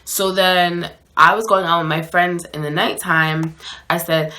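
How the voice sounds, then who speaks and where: A woman with a low but bright, forward voice tells a dating story straight to camera. She talks loosely and casually, full of slang and "like", in a chatty storytime style. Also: level tone, unhurried. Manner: chatty, slangy, lots of "like" and "so anyways". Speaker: vlogger telling a dating story.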